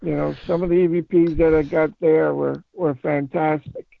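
A man telling a paranormal story in a casual phone interview, rambling and halting with many restarts. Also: on the high side, level tone, dry recording. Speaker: paranormal investigator guest. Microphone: phone call. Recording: tinny phone line, fry.

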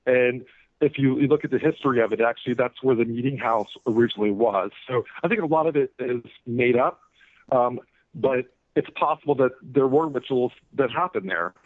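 A man's voice: medium pitch, brisk, dry recording. A man who is an author and guest, talking casually in an interview, rambling with many fillers and restarts. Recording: tinny phone-like radio audio.

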